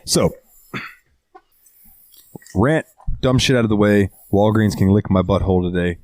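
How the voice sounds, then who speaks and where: A man's voice: fairly low pitch, a little slow, no echo. A man hosting a casual podcast, telling a story full of swearing. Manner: profane, animated storytelling. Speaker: podcast host. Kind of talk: casual chat.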